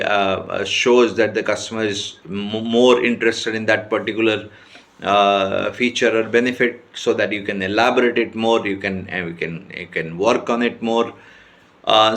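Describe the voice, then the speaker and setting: A man teaching sales skills in an informal talk to camera, often checking in with his listeners and pausing on fillers. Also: lowish voice, a bit bright. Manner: repeats checking questions and hesitates with many fillers. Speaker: sales trainer.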